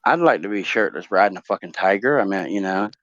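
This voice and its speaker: A man's voice: sits low, lively intonation, fast talker, fairly bright tone, dry recording, dull audio. A man hosting a casual talk show, joking and rambling through would-you-rather questions with lots of fillers.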